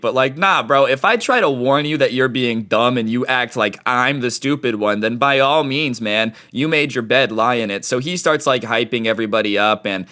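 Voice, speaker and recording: A man telling a personal story in casual slang, full of "dude" and "like", with lively swings in pitch. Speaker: storytime YouTuber.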